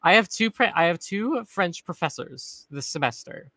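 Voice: mid-range voice, lively intonation, normal speed, a bit bright, no room sound. Student rambling thru a story, lots of restarts, dead dry mic. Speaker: college student. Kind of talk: casual livestream chat.

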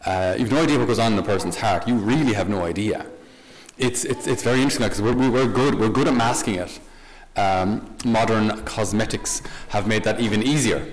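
A man's voice: lowish voice, a little fast. A man, a Catholic priest, giving a conversational homily with light humor and questions to the listener. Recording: long hall reverb.

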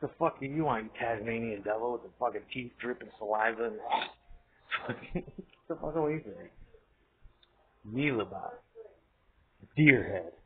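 A man's voice: medium pitch, normal speed, long pauses. A man rambling in a profane monologue, laughing often and trailing off mid-thought. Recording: tinny phone-like audio, faint hiss.

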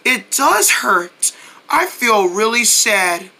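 A woman voicing a gentle male pet cat who talks in a soft, slow, mournful way. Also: high voice, lively intonation, full character voice. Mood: hurt. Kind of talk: children's cartoon voice acting.

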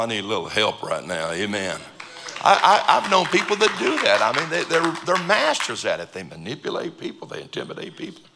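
A man preaching a sermon in a church, joking with sudden loud outbursts and quiet asides. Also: mid-range voice. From United States. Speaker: pastor. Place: church auditorium.

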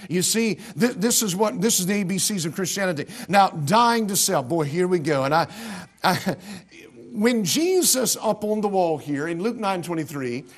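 Preaching a sermon in a church sanctuary, an American male pastor speaks at a moderate pace with lively intonation and a voice that sits high for a man. He builds to emphatic bursts, stumbling and restarting while pressing his points.

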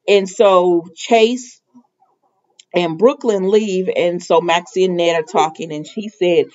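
A woman's voice: lowish voice, steady tone, slow pace, a little mellow. A woman chatting casually through a soap opera recap vlog, rambling and filling her talk with "you know" and "y'all". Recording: dull lo-fi recording.

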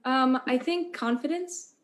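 A woman's voice: sits high, a little slow. A woman taking part in an online workshop, giving short, hesitant answers. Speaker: workshop participant. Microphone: video call.

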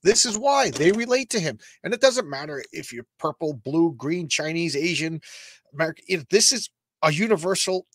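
A middle-aged man from Long Island talks through old comic pages, stumbling over his words with excitement. His voice sits a little high for a man, and the sound is dry and close with no room echo. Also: normal speed. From Long Island, New York. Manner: excitable, stammering repeats, rambling asides. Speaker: comics show host. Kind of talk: casual comic read-through commentary.

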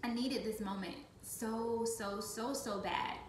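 A woman's voice: on the high side, steady tone, slow, a little hiss or hum. Emphatic woman in an echoey room. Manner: emphatic, repeats phrases for stress. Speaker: team leader in business. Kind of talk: casual faith-based vlog talk.

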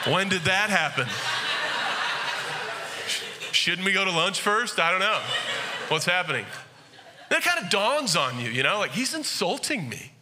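A man preaching with a high, very bright, ringing voice. He tells a funny story with lively energy and acts out the voices of the people in it before turning to his sermon point. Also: normal speed, pauses often. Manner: animated, jokey, acts out quoted voices. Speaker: pastor. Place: church sanctuary.

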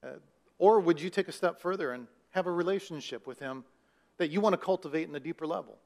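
Male pastor, sermon, chatty emphatic delivery, questions to the congregation, somewhat high voice. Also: fast talker, creaky, a little mellow. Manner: conversational preaching with rising emphasis, asks the congregation questions.

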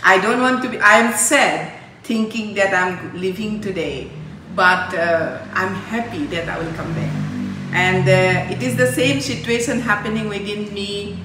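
A woman from India giving an emotional farewell speech to a host family, halting and heartfelt, with many fillers. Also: medium pitch, bright, forceful tone. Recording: echoey, from a distance, faint noise.

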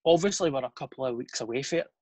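A man's voice: mid-range voice, animated, racing, darkish tone. A Scottish man hosting a casual podcast chat, teasing his guest with jokey banter and swearing.

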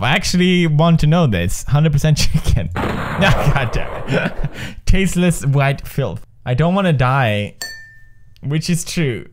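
Excitable young man yelling at a quiz game. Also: a little high. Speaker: gaming video host. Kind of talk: let's play commentary.

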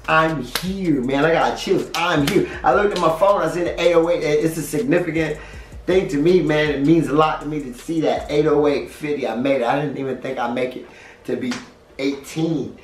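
A man in his fifties talking casually to his vlog audience, upbeat and preachy, acting out little quoted exchanges. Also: medium pitch. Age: 50s. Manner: upbeat, preachy pep talk with acted-out quotes. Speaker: vlogger. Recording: roomy, a bit distant, music behind.

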